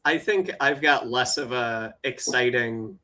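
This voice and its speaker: A man's voice: mid-range voice, unhurried, bright, forceful tone. A man with a Wisconsin accent, a guest talking easily about home and comics. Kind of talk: casual interview chat.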